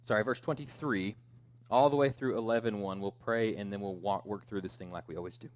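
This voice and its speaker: A man's voice: on the low side, a little fast. A man preaching a sermon as pastor in a conversational way, with joking asides and fillers.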